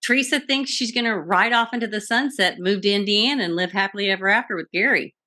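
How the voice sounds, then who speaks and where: A podcast co-host with a bright, mid-range voice talks fast as she recaps a TV show in casual chat. She retells it with gusto, an animated storyteller who acts out the quotes.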